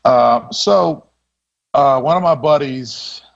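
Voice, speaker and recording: A man's voice: medium pitch, slow, creaky. A man, a guest on a podcast, telling stories in a laid-back, casual way and laughing as he goes. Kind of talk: casual storytelling. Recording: dull lo-fi audio.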